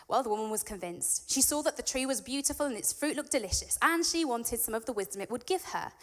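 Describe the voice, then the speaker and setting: A woman preaching in a church, reading scripture and then explaining it in an earnest, conversational way that builds to emphatic peaks. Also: fairly high pitch. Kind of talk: sermon with Bible reading.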